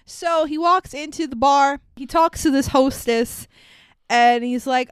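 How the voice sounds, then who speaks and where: A woman's voice: high voice, unhurried, no echo. A woman co-hosting a podcast, animatedly retelling a film with frequent laughs and casual swearing. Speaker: podcast co-host. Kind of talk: casual chat recapping a film.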